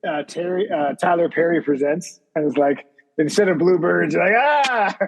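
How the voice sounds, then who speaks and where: A man's voice: a little high, fairly even intonation, normal speed, creaky, big-room sound, low-quality recording. A man hosting a comedy podcast, joking and rambling in a self-mocking way. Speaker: podcast host. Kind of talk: casual comedic chat.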